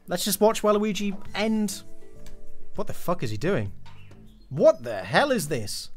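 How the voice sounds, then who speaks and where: A man's voice: on the high side, very animated, unhurried, long pauses, faint music behind. A man giving a live, joking, swear-filled running commentary as he streams a game.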